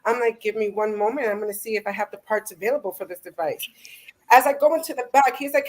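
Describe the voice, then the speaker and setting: A woman who runs a repair shop, telling an animated story on a casual video call. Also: on the high side, fast talker, rough recording. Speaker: shop owner. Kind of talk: casual panel chat.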